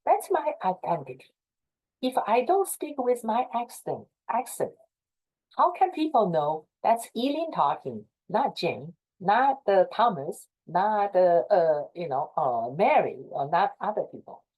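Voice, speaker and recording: Over a rough recording, a middle-aged woman from China with a Chinese accent speaks at a medium pitch with a darkish tone, very animated yet unhurried. She is informally counseling fellow association leaders on a video call, earnest and encouraging, and she repeats her points.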